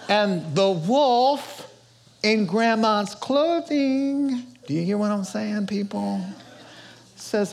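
An older man preaching a sermon, telling stories in an animated, playful way. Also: high voice, slow. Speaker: pastor.

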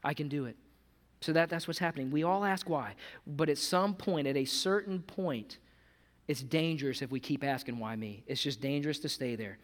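A man preaching a sermon as pastor in a casual, conversational way, calling his listeners "gang" and swinging between hushed, earnest passages and loud, animated ones. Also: on the high side, moderate pace, long reverb tail. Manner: conversational, calls the audience "gang".

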